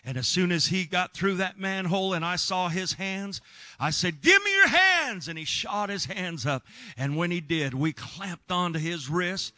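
Earnest preacher, bright voice. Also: male voice, high voice, moderate pace, dry recording. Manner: earnest, emphatic, shouts when reliving moments. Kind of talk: sermon storytelling.

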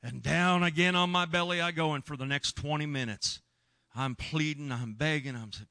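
A man's voice: medium pitch, moderate pace, no echo. A man preaching, telling a rescue story in an earnest, emphatic way. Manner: earnest, emphatic, shouts when reliving moments. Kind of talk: sermon storytelling.

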